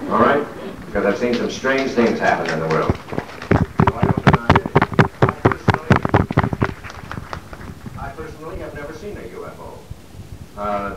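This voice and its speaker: A middle-aged man, a guest actor at a fan convention, telling anecdotes and joking with the audience, with plenty of ums and restarts. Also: medium pitch. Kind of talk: live stage Q&A, chatty anecdotes. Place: large convention hall with an audience. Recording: distant, echoey, noisy 1970s hall recording.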